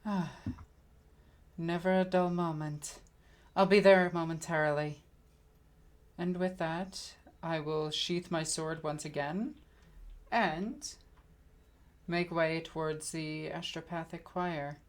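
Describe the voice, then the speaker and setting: A woman playing a tabletop game, speaking in a relaxed, dry manner and sometimes in character. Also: sits low, slow pace, pauses often. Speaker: player. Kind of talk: casual tabletop play.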